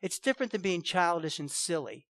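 A pastor preaching a sermon in an animated, emphatic way, often repeating his phrases. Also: sits high, brisk, dry recording, studio quality.

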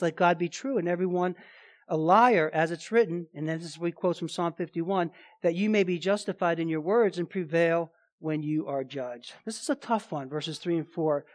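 A man preaching a sermon as pastor, emphatic, with rhetorical questions and casual asides. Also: high-pitched.

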